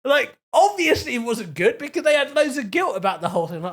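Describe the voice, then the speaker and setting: A man's voice: extremely high pitch, huge pitch swings, a little slow, pauses often, fairly bright tone. A young man, a comedian talking casually on a podcast in a blunt, frank way.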